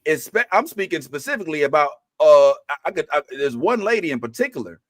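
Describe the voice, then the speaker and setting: A man argues his point earnestly in casual livestream talk. His voice is high for a man, and the sound is dry and close with no room in it. He slips into even higher voices to mimic people. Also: fast, dry recording. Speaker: podcast co-host. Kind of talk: casual livestream show discussion.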